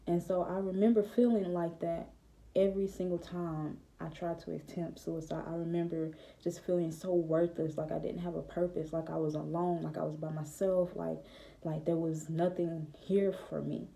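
Low, flat, very dark-voiced young woman. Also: normal speed, gravelly. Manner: hesitant, reflective, many fillers. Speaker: vlogger. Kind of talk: personal testimony to camera.

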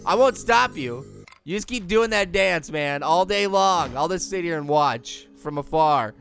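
A man voicing a cocky, hyper talking pear who brags about his gaming skills while playing a video game, slangy and prone to high squealing screams. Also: lively intonation, a little slow, gravelly, fairly bright tone, faint music behind, exaggerated voice. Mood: chatty. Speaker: game commentator. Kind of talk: let's-play cartoon commentary.

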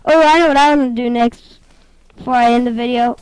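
Excitable high-voiced woman playing games. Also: fairly quick, smooth, dry recording, low-quality recording. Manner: excitable, giggly, talks to the game. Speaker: gameplay commentator. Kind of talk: casual gameplay commentary.

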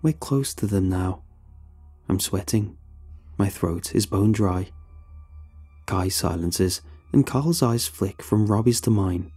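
A man narrating a scripted horror story in a steady, suspenseful manner. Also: on the low side, slow, long pauses, husky. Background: faint background music.

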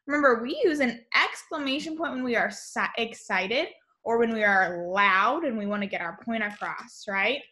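A woman's voice: fairly high pitch, moderate pace, sharp tone. A woman teacher giving a remote lesson to young children, in a cheerful, sing-song manner.

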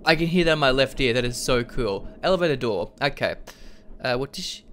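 Animated, foul-mouthed young male gamer. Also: medium pitch, a little fast, slight background noise. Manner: profane, self-deprecating, jokey. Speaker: let's play gamer. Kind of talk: casual gaming commentary.

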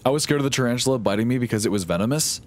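A man's voice: medium pitch, racing, a little hiss or hum. A young man streaming a game live, chatting in a rambling, jokey, sarcastic way. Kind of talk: casual live-stream chat while gaming.

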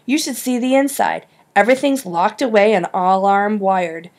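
A woman's voice: medium pitch, big pitch swings, moderate pace, darkish tone, lightly acted. Woman reading as a scheming, eager schoolboy. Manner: eager and persuasive.

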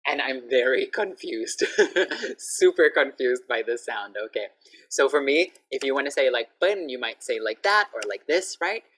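A woman teaching English pronunciation in an online lesson over a video call, patiently repeating each word clearly. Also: extremely low pitch, expressive, normal speed, a bit bright.

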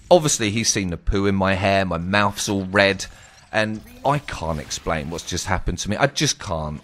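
A young man telling a personal story casually, animated and dramatic. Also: on the low side, normal speed. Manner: animated, exclaiming, dramatic retelling. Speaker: streamer.

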